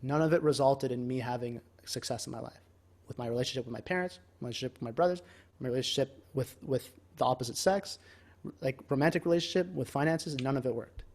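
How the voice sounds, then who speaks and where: A man's voice: medium pitch, fast talker, darkish tone. A man co-hosting a casual self-improvement podcast, talking in a rambling, emphatic way and swearing freely. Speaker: podcast co-host.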